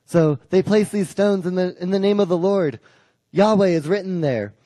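A man retells a Bible story in a relaxed, conversational way, stumbling over his words and restarting often. His voice sits a bit high with a mellow tone. The sound is close and dry. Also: normal speed, no echo, rough recording.

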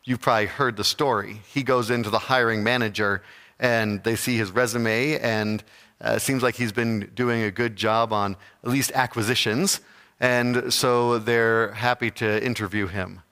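A man giving a slow, reflective, sermon-like talk with pauses. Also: mid-range voice, fairly even intonation, sharp tone, long reverb tail.

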